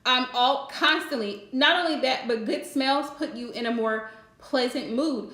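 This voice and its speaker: High-voiced lady doing a live stream, chatty, blunt, laughs a lot, roomy echo. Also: a little slow, pushed and bright. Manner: chatty, direct, laughs often. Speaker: live-stream host giving relationship advice. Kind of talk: casual live-stream chat.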